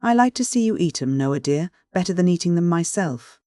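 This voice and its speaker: A man's voice: sits high, lively intonation, fairly quick, warm tone, dry recording, voice pushed up. A sugary young serving girl coos and coaxes in a raised, sweet voice, as a male audiobook narrator puts her on. She presses her attentions with fawning eagerness. The storybook recording is dry and close. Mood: doting.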